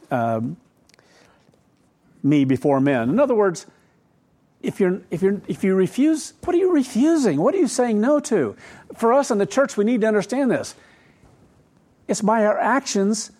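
A man's voice: sits high, darkish tone. A middle-aged man preaching a sermon in a conversational way, asking rhetorical questions and adding asides. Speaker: pastor.

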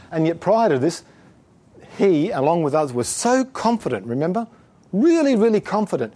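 A man delivering a sermon with a somewhat high voice that swings widely in pitch. He preaches emphatically and exhorts his listeners, often breaking into chuckles. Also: very animated, fairly quick, dark tone.

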